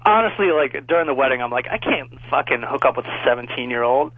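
A man's voice: mid-range voice, animated, quick pace, no echo, phone-quality sound. A man in his thirties casually telling a rambling, profane story on a podcast, laughing along as he goes. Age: 30s.

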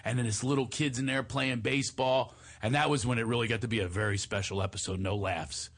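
A man's voice: medium pitch, fairly quick. A man in his forties hosting a radio show, telling comic stories and acting out lines and voices. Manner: animated storyteller, acts out voices and lines.

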